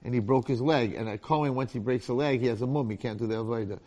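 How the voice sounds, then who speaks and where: Storytelling rabbi acting out voices. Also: male voice, medium pitch, fast, warm tone, lo-fi sound. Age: middle-aged. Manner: storytelling with acted-out voices and jokes. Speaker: rabbi and teacher. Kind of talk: informal Torah lecture to an audience.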